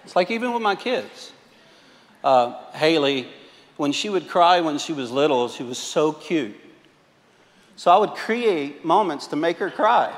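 Male pastor with a high voice, playful, self-deprecating sermon delivery, church hall reverb. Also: lively intonation, a little slow. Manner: joking, self-mocking storyteller.

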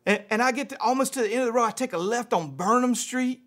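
A man voicing an excitable, tearful homeless man from Louisiana, crying out in disbelief with a cracking voice, as an acted quote in a sermon. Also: very high voice, fast talker, pitched above the performer's own voice. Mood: eager.

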